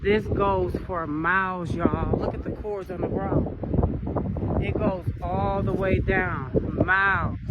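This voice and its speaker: A man filming outdoors on a street, slowly and in disbelief describing what he sees. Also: high voice, little pitch movement, highs cut off. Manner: slow, stunned, swearing in disbelief. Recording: windy, noisy outdoor phone video with traffic.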